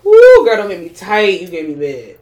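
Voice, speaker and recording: A woman co-hosting a podcast, chatting casually in a blunt, animated way and laughing often. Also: on the low side, normal speed, roomy sound. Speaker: podcast co-host. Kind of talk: casual chat.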